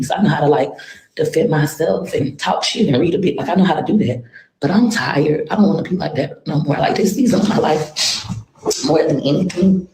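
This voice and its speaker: A woman's voice: low-pitched, mellow. A woman rambling on a livestream, venting her frustration with sighs. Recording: echoey room.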